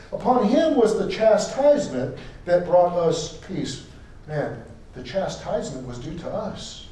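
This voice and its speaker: A man preaching a sermon, emphatic, repeating key phrases for stress and switching between loud declarations and quiet asides. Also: sits high. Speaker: pastor. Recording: echoey room, voice from a distance.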